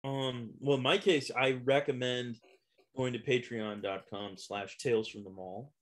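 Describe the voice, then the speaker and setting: A man in casual podcast chat who speaks in a deadpan, ironic way. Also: mid-range voice, unhurried. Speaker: podcast guest.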